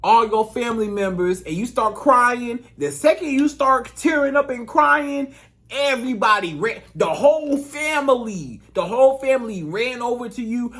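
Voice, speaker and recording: A man's voice: extremely high pitch, expressive, normal speed, a bit bright. A man giving relationship advice in a casual, emphatic monologue, repeating his points in colloquial speech. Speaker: relationship coach.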